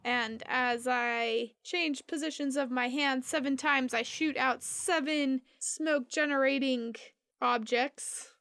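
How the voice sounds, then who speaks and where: A woman playing in a tabletop game, lively and theatrical when describing her moves. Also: high-pitched, takes it slowly, few pauses, no echo, clean studio sound. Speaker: player. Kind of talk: casual tabletop play.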